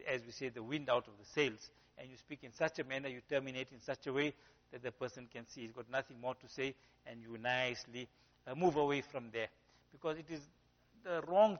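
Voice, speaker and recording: A male preacher giving a conversational sermon, telling stories and often saying "you know". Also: on the high side. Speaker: Islamic preacher. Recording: dull sound with long hall reverb.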